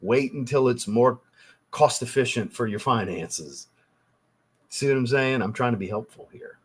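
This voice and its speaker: A man's voice: mid-range voice, normal speed, husky. A man hosting a casual livestream, reading out viewer chat and answering in a teasing, blunt way with casual swearing.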